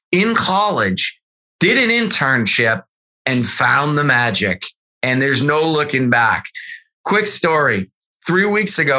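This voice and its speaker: Animated bright-voiced sales executive man. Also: medium pitch. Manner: earnest, animated storytelling with many restarts. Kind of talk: podcast interview talk.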